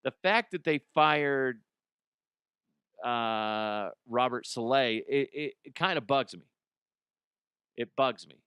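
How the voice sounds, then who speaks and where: A man's voice: mid-range voice, takes it slowly, long pauses, sharp tone, clear, resonant tone, dry recording, clean studio sound. A man hosting a solo sports podcast, ranting bluntly with swearing, often restarting and repeating words. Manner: blunt, opinionated, swears freely. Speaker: podcast host.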